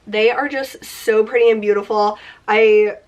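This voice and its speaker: A woman's voice: mid-range voice, fairly even intonation, unhurried, darkish tone. A woman in her late twenties chatting casually about her beauty favorites, her voice nasal and congested from a cold, with lots of "like" fillers. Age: 20s. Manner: chatty, upbeat, many fillers like "like". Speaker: beauty vlogger.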